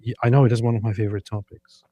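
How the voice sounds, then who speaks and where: A man's voice: lowish voice, little pitch movement, very fast, dark tone, breathy edge, dry recording. A man co-hosting a casual reaction show, talking in an emphatic, sarcastic way. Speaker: co-host.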